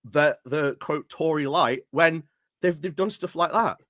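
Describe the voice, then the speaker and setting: A man with hay fever hosts a streamed debate, his voice dry and close with no room around it. He pushes back insistently and often cuts in, his throat rough from coughing. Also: on the high side, a little slow, fairly bright tone, no room sound. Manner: interrupting, insistent. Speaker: stream host. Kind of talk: casual political debate.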